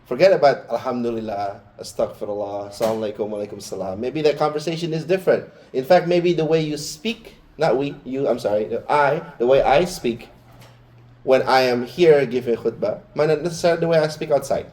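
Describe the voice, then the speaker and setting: A man's voice: fairly high pitch, a little fast, a little mellow. A man giving a Friday sermon in a mosque, talking informally and chattily, with personal asides to the congregation. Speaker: Friday preacher.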